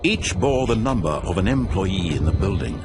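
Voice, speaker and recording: An actor playing an omniscient game narrator, telling the story in measured, dramatic narration over loud game music. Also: male voice, sits low, sing-song. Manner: measured, dramatic, rising to intense. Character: grave omniscient male narrator. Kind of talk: scripted storybook-style narration.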